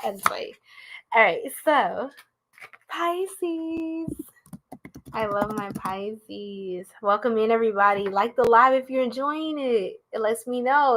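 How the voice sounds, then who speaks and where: A woman's voice: a little high, lively intonation, slow, long pauses. A young woman, doing a live tarot reading in a playful, goofy, slangy way and laughing often. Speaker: tarot reader.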